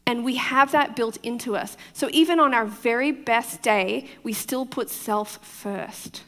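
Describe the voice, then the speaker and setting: A woman's voice: fairly high pitch, measured pace, fairly bright tone, big-room sound. A woman pastor with a foreign accent, preaching a conversational sermon and often checking in with her listeners. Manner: chatty, often checks in with the crowd, laughs easily.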